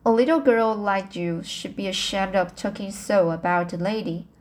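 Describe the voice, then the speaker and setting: A woman reading the part of a stern, brisk middle-aged spinster in an amateur audiobook, with slips and restarts. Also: medium pitch, close to an everyday voice.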